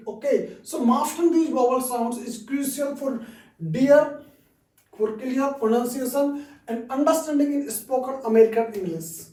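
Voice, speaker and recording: A man teaching an English lesson from slides, halting often with restarts and frequent "okay" fillers. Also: extremely high pitch, dark tone. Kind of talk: reading through lesson slides. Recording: roomy echo, distant mic.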